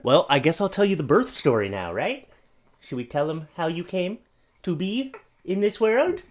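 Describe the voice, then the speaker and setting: A man's voice: on the high side, very animated, normal speed. Dad vlogger goofing around with his baby, voice bouncing all over, talking into his desk mic. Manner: playful, talking gently to a baby. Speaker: YouTube host and new father. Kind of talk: casual home vlog chat. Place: home office. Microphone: studio microphone.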